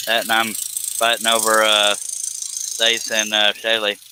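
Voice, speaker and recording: A man's voice: lowish voice, monotone, takes it slowly. A man hosting a casual live stream while carving, with dry, joking asides. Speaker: host, woodcarver. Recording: noisy live-stream audio.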